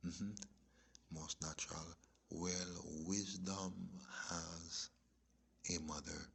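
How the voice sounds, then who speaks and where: Gravelly low-voiced man lecturing in hushes. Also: level tone, slow. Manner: lecturing, often drops to a hushed whisper, frequent rhetorical checks. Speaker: religious commentator. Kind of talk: rambling spiritual commentary over video clips.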